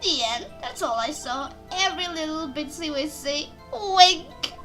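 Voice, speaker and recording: A woman plays a ditzy young witness in a game dub, coy and bubbly. The voice sits very high with a bright ring, and the lines come out slowly and breathily. Faint game music plays behind. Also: animated, heavily acted. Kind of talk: amateur game voice acting.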